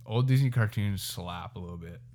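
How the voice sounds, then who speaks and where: A man's voice: on the low side, a little mellow. A young man co-hosting a podcast, joking around in casual, slangy chat. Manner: goofy, slangy, quick to joke. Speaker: podcast co-host.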